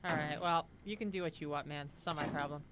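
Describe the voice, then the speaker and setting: A woman's voice: low voice, fast, heavy background noise. A young woman streaming a horror game, rambling and joking casually with her chat between moments of play. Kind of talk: casual gameplay commentary.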